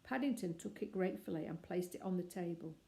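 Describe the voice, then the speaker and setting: A woman reading a children's storybook aloud with lively character voices. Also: fairly low pitch, fast talker, gravelly, low-quality recording. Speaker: narrator.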